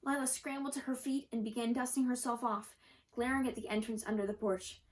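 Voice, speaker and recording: Woman storyteller, gentle read-aloud for kids, slightly high voice. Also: fairly even intonation, a little fast, low-quality recording. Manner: gentle, occasional slips and self-corrections.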